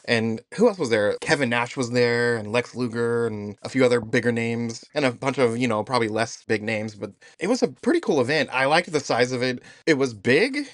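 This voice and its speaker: A man hosts a casual podcast, recounting his weekend with eager enthusiasm and frequent laughter. His voice sits at a middle pitch. The recording is dry and close, with no room sound. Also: lively intonation, fairly quick, few pauses, no room sound. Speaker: podcast host.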